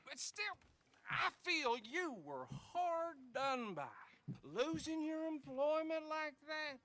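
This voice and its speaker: An actor playing a folksy, scheming male small-town sheriff who talks slowly and courteously. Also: extremely high pitch, expressive, bright, forceful tone, no room sound, heavily acted. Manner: slow, drawling and courteous.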